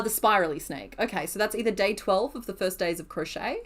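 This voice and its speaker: Aussie lady crocheting on stream, chatty and self-deprecating, mid pitch. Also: brisk. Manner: chatty, self-deprecating, answers chat questions. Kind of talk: casual live-stream chat while crocheting.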